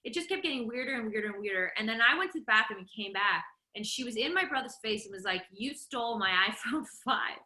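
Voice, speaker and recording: A woman guest on a podcast, telling a story in a lively, animated way, stumbling and restarting as she acts out the quotes. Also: fairly high pitch, quick pace, hardly any pauses, reverberant. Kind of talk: casual storytelling chat.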